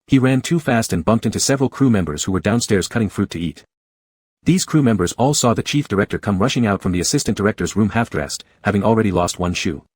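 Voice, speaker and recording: A man narrating a scripted comic story in an even, measured reading. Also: lowish voice, husky, no echo.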